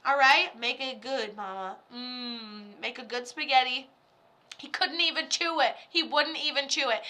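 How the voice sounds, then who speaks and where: A woman's voice: high-pitched, measured pace, sharp tone, slight background noise. A woman psychic medium giving a live reading in a rambling, chatty way, often breaking into laughter.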